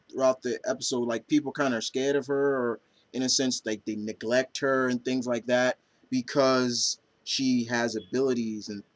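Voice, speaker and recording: A man's voice: medium pitch, no echo. A man vlogging casually as an enthusiastic anime fan, talking in a hesitant way with many ums and restarts. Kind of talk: casual chat.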